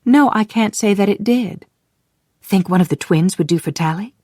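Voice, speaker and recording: A narrator voicing a spirited young woman, disguised as a boy, who talks in a quick, teasing and emphatic way. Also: mid-range voice, a little mellow, no room sound, studio quality, pitched above the performer's own voice, close to an everyday voice.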